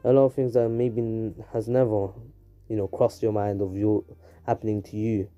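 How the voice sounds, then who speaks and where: A man voicing a listless, depressed teenage boy ninja in a fan story, in a flat and weary way, with soft faint music behind. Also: on the low side, moderate pace, natural voice.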